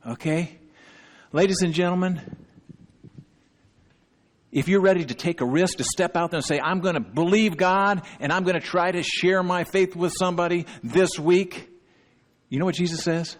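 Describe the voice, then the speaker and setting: A man's voice: sits high, lively intonation, a little fast, long reverb tail. A male pastor preaching a sermon, emphatic, often checking in with his listeners and repeating key phrases. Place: church sanctuary.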